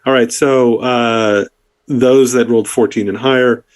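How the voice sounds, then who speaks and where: A man's voice: medium pitch, steady tone, a little slow. A man narrating a tabletop game as dungeon master, loose and rambling with many fillers.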